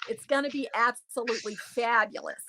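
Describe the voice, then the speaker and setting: A woman's voice: fairly high pitch, fairly even intonation, fairly quick, pushed and bright. A woman voicing a pushy, chatty New York shop clerk with a put-on New York accent, brassy and nosy.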